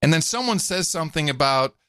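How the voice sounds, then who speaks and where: A man's voice: fairly high pitch, brisk, clean tone, dry recording, clean studio sound. A man co-hosting a podcast, chatting casually and telling stories with frequent laughs. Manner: animated storyteller, laughs often. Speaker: podcast co-host. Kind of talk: casual chat.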